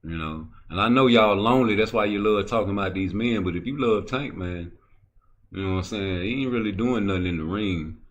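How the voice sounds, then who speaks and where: A man hosting a YouTube boxing talk show, ranting profanely and swinging from low muttering to loud, heated outbursts. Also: fairly quick, a little hiss or hum. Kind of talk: ranting commentary.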